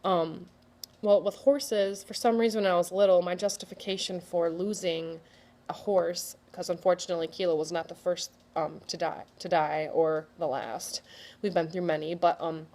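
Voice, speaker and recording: A woman's voice: lowish voice, steady tone, moderate pace, darkish tone. A young woman telling a personal story in a chatty, rambling way, with lots of fillers and frequent laughs. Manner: chatty and rambling, full of likes and ums, laughs often.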